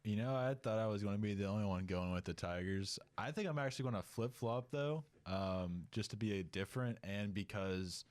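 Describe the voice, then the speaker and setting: Low-voiced man hosting football picks. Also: fairly quick, few pauses, darkish tone. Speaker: podcast host running the picks. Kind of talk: casual sports chat.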